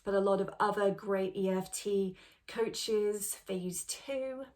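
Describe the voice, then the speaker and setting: A woman coach teaching beginners a tapping routine in a gentle, reassuring, step-by-step way. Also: mid-range voice, takes it slowly. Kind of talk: instructional tutorial.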